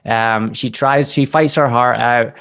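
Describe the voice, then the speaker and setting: Excitable young Scottish man. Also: mid-range voice, a little slow, smooth. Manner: enthusiastic, filler-heavy. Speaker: podcast co-host. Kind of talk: casual chat.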